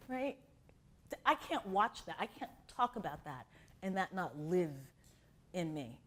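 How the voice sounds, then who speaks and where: A middle-aged woman from Miami leads an acting class. She talks at an even pace with a lively, swooping pitch, and she keeps breaking into little acted scenes. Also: unhurried. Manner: expressive storyteller who acts out quotes. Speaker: acting teacher. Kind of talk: animated class talk with acted-out anecdotes.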